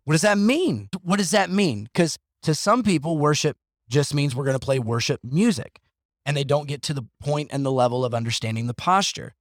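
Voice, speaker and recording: Animated man hosting a podcast, dry sound. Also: a little high, a little fast, no room sound. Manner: animated, joking, sarcastic asides. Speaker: podcast host. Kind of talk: casual podcast discussion.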